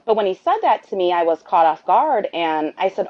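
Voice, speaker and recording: Brief: talkative woman, lower voice, rambles and acts out lines, muffled lo-fi audio. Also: brisk, mellow. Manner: chatty, rambling, acts out dialogue. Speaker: guest, the host's sister. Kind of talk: storytelling conversation. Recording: dull lo-fi sound.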